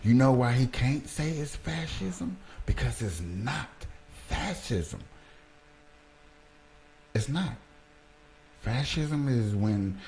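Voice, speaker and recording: A man hosting a livestream, reacting to a clip and talking slowly and emphatically to his chat. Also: medium pitch, mellow, a little hiss or hum. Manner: slow, emphatic, talks to chat, jokes. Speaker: livestream host. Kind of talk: casual commentary on a played clip.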